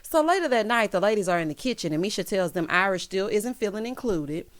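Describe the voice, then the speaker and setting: A woman giving a casual recap of a reality show, sassy and animated, who talks straight to the cast members as she goes. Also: mid-range voice, fast talker. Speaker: recap vlogger.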